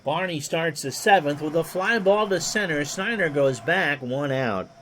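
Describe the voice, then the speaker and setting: Man, baseball play-by-play, stat-heavy calls, chatty asides, slightly high voice, faint background hum. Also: measured pace. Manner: reads stats in a steady run, jokes with chat between plays. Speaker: play-by-play announcer. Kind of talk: replay baseball commentary with chat asides.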